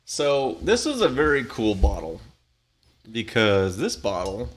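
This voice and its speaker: A man's voice: medium pitch, wildly swooping pitch, a little slow, husky. A middle-aged man co-hosting a casual live chat show, laid-back and laughing often as he reads out bottle details. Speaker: podcast co-host. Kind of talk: casual chat and whiskey review.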